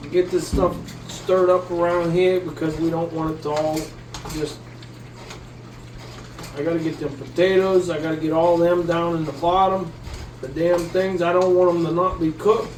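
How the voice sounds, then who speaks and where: A man with a fairly high, slightly mellow voice hosts a casual cooking vlog from his kitchen, cooking while he rambles and talks straight to his viewers. He swears casually and keeps asking "you know what I mean." There's slight background noise, and the recording is rough.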